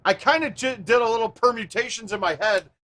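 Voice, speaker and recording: A man hosting a live stream, chatting casually with viewers and thinking out loud as he plays a golf game. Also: extremely high pitch, brisk.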